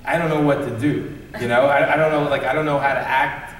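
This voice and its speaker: A middle-aged man, a comics creator on a convention panel, telling animated, jokey stories with lots of fillers. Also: medium pitch, fast talker, a little hiss or hum. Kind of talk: casual storytelling. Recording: echoey hall from far off, crowd.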